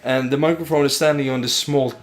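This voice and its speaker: A man's voice: mid-range voice, fairly even intonation, fairly quick, faint music behind. A young man chatting casually while playing a video game, rambling with frequent restarts. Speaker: let's play host. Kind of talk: casual gaming chat.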